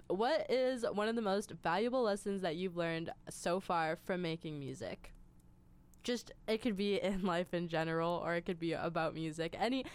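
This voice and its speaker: A woman's voice: medium pitch, clean tone. Woman radio host, chatty and giggly, laughs a lot, lots of um and like. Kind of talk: casual radio interview.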